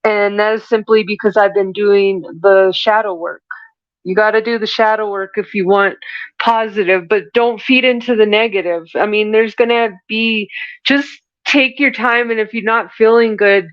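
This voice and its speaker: A woman's voice: medium pitch, fairly even intonation, normal speed, no echo, lo-fi sound. A woman hosting a podcast, giving a spiritual reading in an earnest, preachy manner that rambles with restarts. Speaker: spiritual reader and podcast host. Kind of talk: channeled spiritual message monologue.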